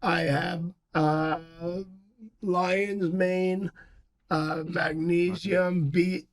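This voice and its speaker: A man chats on a podcast as a guest. He tells long, rambling stories with lots of fillers and restarts. His voice sits a bit high for a man. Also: very slow. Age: 50s. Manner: animated storyteller, rambling with many fillers. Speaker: podcast guest, martial arts instructor. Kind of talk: casual chat.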